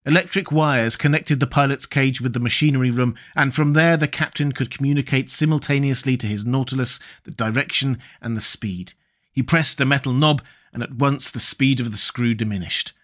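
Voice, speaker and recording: The clip is scripted audiobook narration of a classic adventure novel. The reader is a man whose medium-pitched voice stays even and measured.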